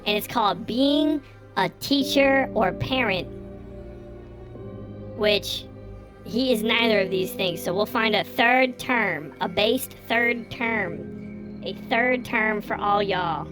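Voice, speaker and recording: A man doing a squeaky foul-mouthed caged pet critter. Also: takes it slowly. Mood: mock stern. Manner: rowdy, profane, hyper streamer banter. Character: crude foul-mouthed small male caged pet creature. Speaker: live streamer. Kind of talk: live stream character bit. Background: faint creepy game music.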